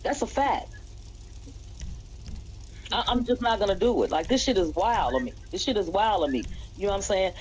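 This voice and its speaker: A woman's voice: medium pitch, expressive, normal speed, pauses often, darkish tone, slight background noise, rough recording. A woman hosting a live stream, giving casual commentary in a blunt, emphatic, profane way.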